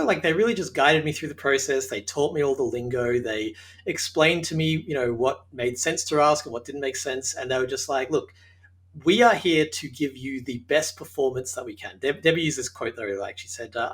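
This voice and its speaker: An Australian man speaks in a voice of middling pitch as an interview guest. He answers thoughtfully with dry humor, often breaking into a laugh. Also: a bit bright. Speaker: show creator, interview guest.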